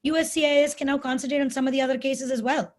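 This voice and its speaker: A woman hosts a webinar discussion over a video call, her voice sitting somewhat high. She talks in a conversational, engaged way and often checks in with the listener. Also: fairly even intonation, rapid-fire. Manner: conversational, adds "right?" and "you know". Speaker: webinar host.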